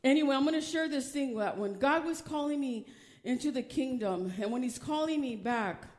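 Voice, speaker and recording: A woman's voice: sits high, lively intonation, moderate pace, darkish tone. An older woman preaching a fervent sermon. She reads scripture aloud, stumbles over some words, laughs often and drives her points home with emphasis.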